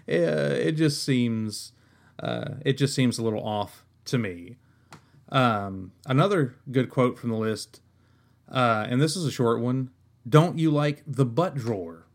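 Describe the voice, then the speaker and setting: A man's voice: mid-range voice, measured pace, vocal fry. Exasperated, profane podcast ranter, man. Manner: exasperated, profane, rambling with many restarts. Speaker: podcast host. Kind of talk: comedic rant.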